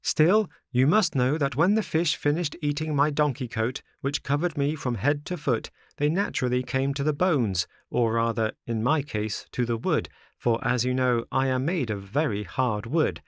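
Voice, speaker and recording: A man's voice: mid-range voice, normal speed, few pauses, no room sound, clean studio sound, voice pushed up, lightly acted. A man voicing a cheeky, boastful wooden puppet boy with a playful, mocking, sing-song manner.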